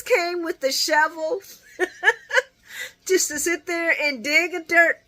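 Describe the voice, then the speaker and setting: A woman giving a casual, animated recap of a soap episode, laughing often and swearing freely. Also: very high-pitched, slow, long pauses. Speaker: soap opera recap vlogger.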